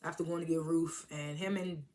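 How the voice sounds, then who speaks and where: A woman's voice: sits low, fairly even intonation, a little fast, darkish tone. A woman reviewing a TV episode in a casual, chatty recap, amused and laughing often as she retells scenes.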